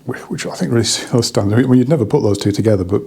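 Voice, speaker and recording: A man's voice: medium pitch, racing, creaky, warm tone, slightly rough. A man giving a casual, rambling hi-fi product review, slightly out of breath, with many restarts.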